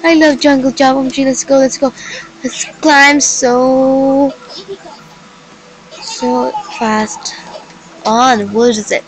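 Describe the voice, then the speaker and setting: A woman's voice: high voice, steady tone, slow, long pauses, faint music behind, low-quality recording. Gushing young woman playing a game. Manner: gushing, exclaims often, slightly broken non-native phrasing. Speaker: gaming video creator. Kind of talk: excited casual game commentary.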